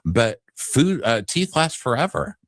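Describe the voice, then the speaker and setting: A man's voice: mid-range voice, sing-song, a little slow, no echo, clean studio sound. A man co-hosting a casual recap podcast, blunt and opinionated in his chat. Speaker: podcast co-host.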